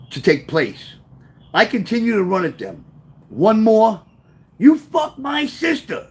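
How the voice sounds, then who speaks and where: A man reading his own memoir aloud, telling the story with lively, offhand asides. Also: a little high. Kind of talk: first-person memoir storytelling.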